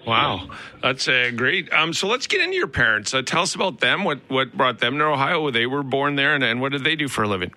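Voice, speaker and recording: Male radio host, very bright tone, upbeat and chatty, a bit stumbly. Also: mid-range voice, big pitch swings, brisk. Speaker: radio talk show host. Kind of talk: radio interview hosting.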